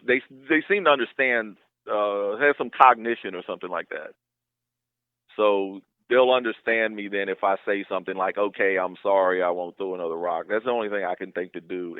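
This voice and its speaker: A man's voice: fairly low pitch, no room sound. Middle-aged man on a tinny phone line. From West Virginia, USA. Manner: meandering, searching for words. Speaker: podcast guest. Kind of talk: casual storytelling over a call. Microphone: phone call.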